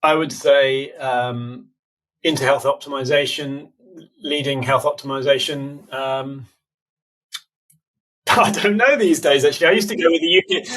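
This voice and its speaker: A man with a British accent, a podcast guest explaining health topics casually, quick and full of fillers. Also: medium pitch, a bit bright. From United Kingdom. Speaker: podcast guest, biohacking conference organizer. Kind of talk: casual interview answers.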